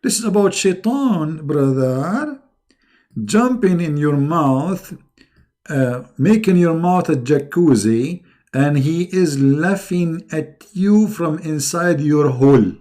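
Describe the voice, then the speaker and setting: A man hosting a livestream, talking casually with a mocking, sarcastic, animated manner. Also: a little high, takes it slowly. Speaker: livestream host.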